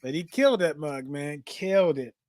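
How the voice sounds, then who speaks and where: A man, co-hosting a podcast and telling lively stories that he acts out in casual chat. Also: fairly high pitch, normal speed, dry recording, studio quality. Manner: animated storyteller, acts out quotes. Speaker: podcast co-host.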